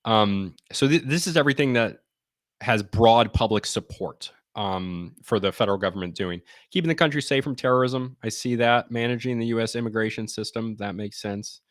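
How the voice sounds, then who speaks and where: A man's voice: fairly low pitch, normal speed, a bit bright, dry recording, clean studio sound. A man giving blunt, sarcastic, rambling commentary on survey charts during a casual live stream. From United States.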